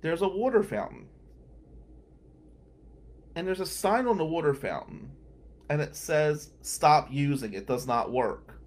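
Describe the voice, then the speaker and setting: Lively storytelling man. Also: on the high side, normal speed. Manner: animated anecdotal storyteller, acts out quotes. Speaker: lawyer and show regular. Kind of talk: storytelling on a radio talk show.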